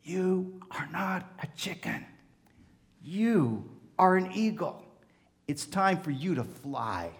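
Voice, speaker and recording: A man's voice: high voice, expressive, a little slow, fairly bright tone, pitched above the performer's own voice. A man voicing an earnest, indignant male farm visitor in a sermon story, urgent and emphatic. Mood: urging.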